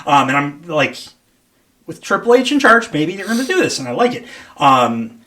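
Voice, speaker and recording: A man's voice: on the high side, sing-song, normal speed, bright, forceful tone. A man hosting a casual wrestling podcast, rambling with lots of fillers, laughing often and swearing casually. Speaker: podcast host.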